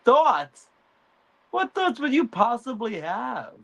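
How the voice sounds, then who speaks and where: A man's voice: very high voice, big pitch swings, takes it slowly, vocal fry, pushed and bright, voice pushed up, full character voice, poor audio. A man voicing a scornful queen mother who cuts down her son, in a mocking, sneering tone.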